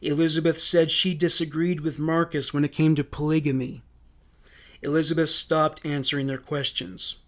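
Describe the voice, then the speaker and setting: Brief: male true crime narrator, measured and somber, slightly high voice. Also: little pitch movement, fairly bright tone.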